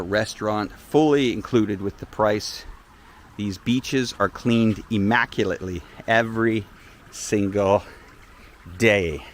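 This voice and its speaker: A man hosting a live-stream tour, chatting in an animated, storytelling way from outdoors at a beach resort. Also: lowish voice, slight background noise. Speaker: vlogger host.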